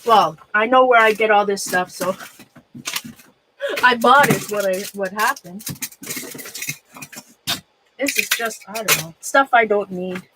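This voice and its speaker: A middle-aged woman livestreams as she sorts through old things in a closet, speaking slowly with long pauses in a medium-pitched voice over background noise. Nervous and shaky, she rambles casually and greets viewers by name.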